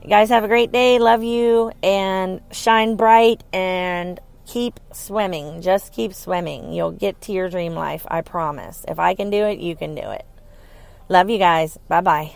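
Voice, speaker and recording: A woman's voice: mid-range voice, a little slow, gravelly, smooth, dry recording. A woman in her thirties hosting her own podcast, rambling casually and laughing easily. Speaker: podcast host. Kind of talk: casual solo podcast chat.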